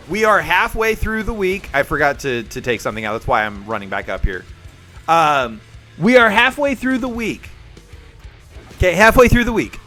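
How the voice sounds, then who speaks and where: A young man is hosting a live stream, telling his viewers a story in casual chat. His voice is high, bright and bouncy, and he acts out the people in the story while soft music plays behind him.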